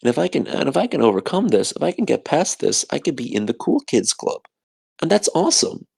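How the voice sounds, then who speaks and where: Sleepy rambling man, gravelly. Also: medium pitch, very animated, fast talker, a little mellow. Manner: sleepy, repetitive self-talk. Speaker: podcast co-host. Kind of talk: rambling solo monologue.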